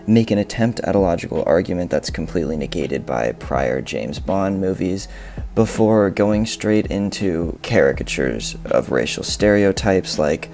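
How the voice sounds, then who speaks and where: Deep gravelly man, sardonic narration. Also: animated, moderate pace, darkish tone, soft background music. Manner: sardonic and critical. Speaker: video essay host. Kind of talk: scripted commentary narration.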